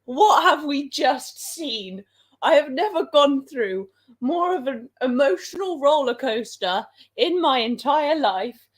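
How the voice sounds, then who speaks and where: Excitable girl on a football live stream, kinda high voice, laughs a lot. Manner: excitable, laughs often, dramatic. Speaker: livestream host. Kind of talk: excited livestream chat.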